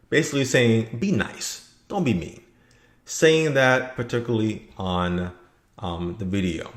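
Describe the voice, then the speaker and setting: A man giving blunt, rambling opinion commentary for his video channel. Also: lowish voice. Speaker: vlogger. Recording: echoey room.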